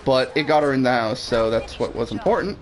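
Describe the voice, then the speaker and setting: A man's voice: mid-range voice, brisk, rough recording. A man streaming a game who tells a long, rambling story with plenty of swearing and restarted sentences. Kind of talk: casual storytelling while gaming.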